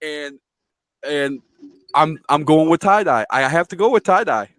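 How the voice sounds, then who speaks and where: A man hosting a casual chat, talking excitedly with stammers and repeated phrases. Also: fairly high pitch, measured pace, dry recording.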